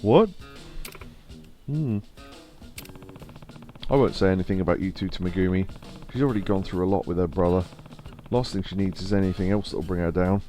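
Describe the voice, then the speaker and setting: He speaks briskly in a low, mellow voice broken by long pauses, with faint music behind him. It's casual live-stream chat over a video game: he's chatty, tells stories, laughs frequently, and voices game lines in a put-on accent.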